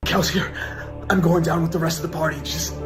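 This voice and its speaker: Man playing a loyal young adventurer, earnest and heroic, fairly high voice, music underneath. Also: flat delivery, fairly quick, natural voice. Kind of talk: animated comedy sketch acting.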